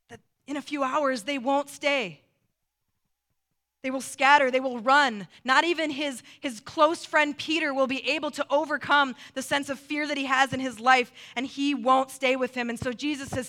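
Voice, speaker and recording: A woman preaching a sermon, earnest, dropping soft and slow when she quotes scripture. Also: high-pitched.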